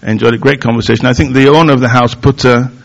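A middle-aged male pastor preaching in an easy, conversational way. He pokes fun at himself and often stops and restarts his sentences. His voice sits at an ordinary middle pitch. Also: fairly even intonation, fast, vocal fry, muffled recording. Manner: conversational, self-deprecating, with frequent fillers and restarts. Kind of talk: sermon.

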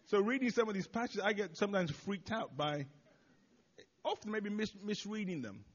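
A man's voice: high voice, animated, moderate pace, slightly rough, muffled recording. Hesitant man reflecting after a sermon. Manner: hesitant, with many "uh"s and restarts, self-deprecating. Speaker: church leader responding to the sermon.

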